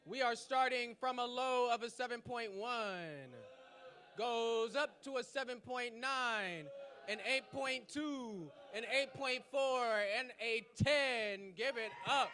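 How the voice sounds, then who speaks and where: A man hosting a poetry slam, loudly announcing judges' scores and calling up poets. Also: extremely high pitch, takes it slowly. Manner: loud, hyping up the crowd. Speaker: slam host.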